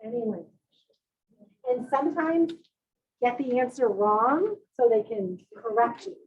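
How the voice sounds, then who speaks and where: A woman's voice: a little high, lively intonation, unhurried, lo-fi sound. A woman presenting a parent workshop on early reading, leading the audience through call-and-response sound drills.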